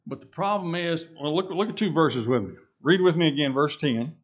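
A man preaching a sermon, reading scripture aloud and slowing down on key phrases. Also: fairly high pitch, highs cut off. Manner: reads scripture aloud, slows down for emphasis.

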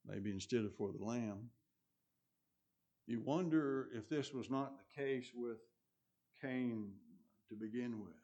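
A man preaching a sermon, stressing points loudly, then dropping to quiet asides, and often repeating his phrases. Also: medium pitch.

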